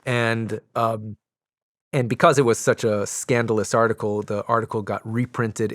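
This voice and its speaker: A man's voice: on the low side, a bit bright, no echo, clean studio sound. A man in his forties, a podcast guest, telling a long story in a casual way, rambling with lots of fillers and restarts.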